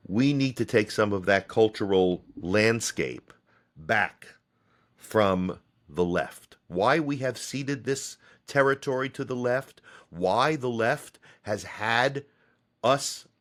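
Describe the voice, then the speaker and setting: An American man talks alone into the mic as host of his own podcast. He speaks at an ordinary, mid-range pitch. He loses his thread, jokes at his own expense and slips in dry, sarcastic remarks. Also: fairly bright tone. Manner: rambling, self-deprecating with sarcastic asides. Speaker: podcast host and theater company head. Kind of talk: solo podcast monologue.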